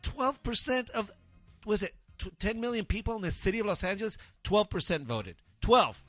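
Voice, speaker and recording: Brief: earnest male co-host, insistent, bright edge, dry close mic. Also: sits high, animated, moderate pace, no echo, faint music behind. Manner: earnest, insistent, talks over others. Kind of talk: casual political banter on internet radio. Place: home garage studio.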